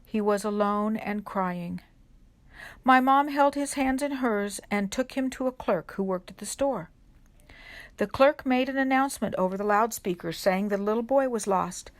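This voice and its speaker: A woman reading a children's picture book aloud at a church service for kids, gentle and unhurried, pausing to put questions to the children. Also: mid-range voice. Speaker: reader at a children's worship service.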